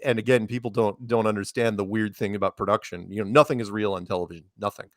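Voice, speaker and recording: A man's voice: fairly low pitch, steady tone, fast, dry recording, studio quality. A man chatting as a guest over a call, rambling and quoting people as he tells a story. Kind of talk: casual chat.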